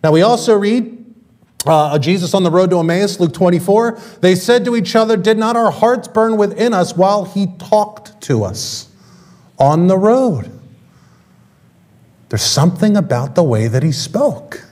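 A male pastor preaching a sermon in a church, talking in a conversational way with quick asides. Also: high voice, expressive, a little mellow. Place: church sanctuary.

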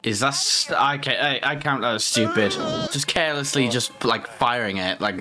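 A man's voice: medium pitch, moderate pace, music in the background. A tipsy man hosting a casual movie watchalong, joking and swearing often. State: tipsy from drinking. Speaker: stream host.

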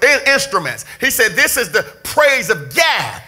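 A middle-aged man preaching a sermon in a church, often raising his voice to a shout for emphasis. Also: very high voice, big pitch swings, unhurried, few pauses, husky. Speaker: pastor. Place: church sanctuary.

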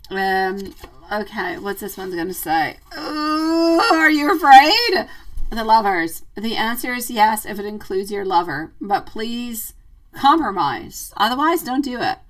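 A woman hosting a live tarot reading, chatty and affectionate, calling her listeners sweetie and love, playful and quick to laugh. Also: mid-range voice, animated, distant mic, rough recording. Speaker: tarot reader.

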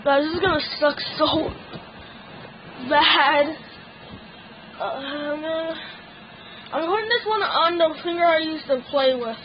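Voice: sits high, measured pace, long pauses, muffled recording, slight background noise. A teenage gaming channel host giving casual gameplay commentary, stammering and complaining that something hurts.

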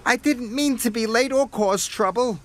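A man voicing a small, anxious young male tank engine who pleads in a squeaky, breathless way. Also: normal speed, a bit bright. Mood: pleading.

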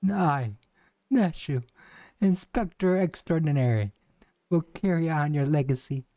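A man's voice: fairly high pitch, a little slow, mellow, dry recording, lightly acted. A man voicing an earnest, theatrical young woman detective's sidekick, reading game cutscene dialogue aloud with some stumbles.

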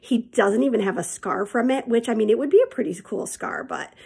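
A woman's voice: on the high side, animated, a little fast, creaky, a little mellow, breathy edge. A woman teacher telling her students a personal story in a chatty, candid way and calling them friends.

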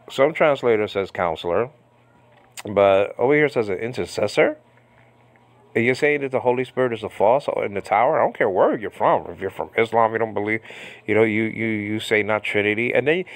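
Male Bible Greek teacher, gravelly and low, argumentative and rambling, dry close recording. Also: dry recording. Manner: rambling, with frequent restarts and a combative tone. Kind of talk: casual unscripted Bible study lesson.

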